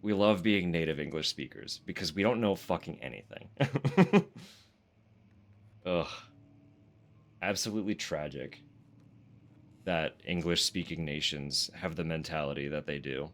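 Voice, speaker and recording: A Canadian man with a very low voice, streaming a horror game live. He reads the game's lore text aloud between chatty, self-deprecating asides, swearing freely and laughing often. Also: unhurried, pauses often.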